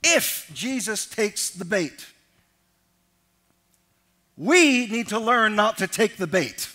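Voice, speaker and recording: High, bright-voiced preaching pastor. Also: male voice, sing-song, slow pace. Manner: emphatic preaching, swings from loud declarations to quiet asides; acts out quoted lines in changed voices. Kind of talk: sermon.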